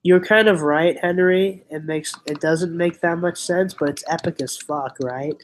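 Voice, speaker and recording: A man's voice: a little high, fairly even intonation, unhurried, slight background noise, poor audio. A young man hosting a casual livestream chat, rambling and giggly, often restarting his sentences. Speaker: livestream host.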